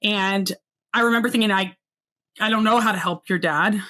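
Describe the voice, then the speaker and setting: A woman's voice: mid-range voice, pushed and bright. Earnest woman telling a personal story. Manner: earnest, reflective, slows down at painful moments. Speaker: guest. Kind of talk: personal storytelling in a podcast interview.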